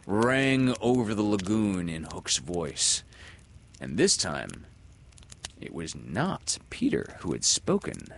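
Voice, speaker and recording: A man narrating a classic children's story aloud with an expressive, dramatic delivery. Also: medium pitch, slight background noise.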